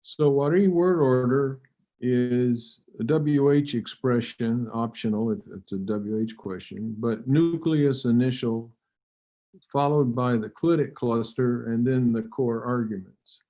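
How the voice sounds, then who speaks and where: A man giving an academic lecture, measured and halting, with fillers and occasional throat clearing. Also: mid-range voice, mellow. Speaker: linguistics lecturer. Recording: dull lo-fi recording.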